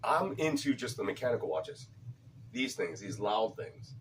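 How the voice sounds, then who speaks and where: A man's voice: fairly low pitch, very animated, moderate pace. Man, vlog chat, rambling, repetitive, casual swearing, slightly distant mic, light ambient noise. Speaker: cigar vlogger.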